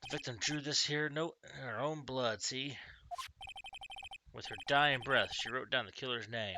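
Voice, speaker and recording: A man voicing a brash male police detective in a put-on Southern US accent, gruff and blustering, over game music. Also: medium pitch, measured pace, noisy background, close to an everyday voice. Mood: accusing.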